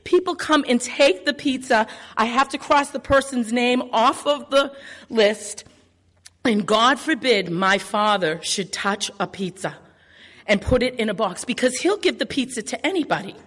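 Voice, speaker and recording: A woman's voice: a little high, lively intonation, moderate pace, a bit bright. A woman telling a personal story live, brash and swearing freely as she acts out scenes. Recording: long hall reverb.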